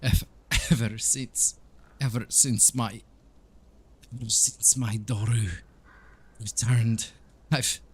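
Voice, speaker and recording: A man's voice: on the low side, unhurried, fairly bright tone, slightly rough. A man voicing a grieving older male village priest who weeps, stammers and pleads in a raised voice. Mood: grief-stricken.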